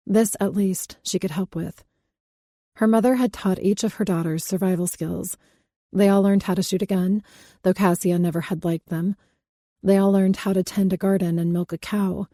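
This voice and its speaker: Brief: woman audiobook narrator, steady read, low and mellow, dry studio sound. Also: no echo.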